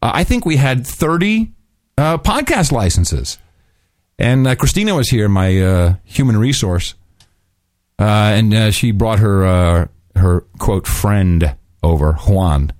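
A man co-hosting a podcast, chatting casually about politics in an animated, mocking way and sometimes breaking into silly voices. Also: on the low side, slow, dry recording, clean studio sound. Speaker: podcast co-host.

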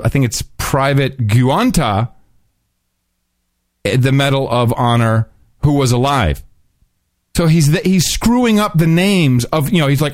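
A man co-hosting a podcast, chatting casually about politics in an animated, mocking way and sometimes breaking into silly voices. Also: mid-range voice, no echo, clean studio sound. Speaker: podcast co-host.

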